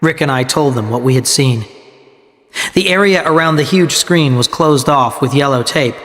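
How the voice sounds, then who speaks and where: A man's voice: mid-range voice, normal speed, fairly bright tone. Man reading a story steadily in a reverberant hall. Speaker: narrator. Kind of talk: scripted story narration for learners.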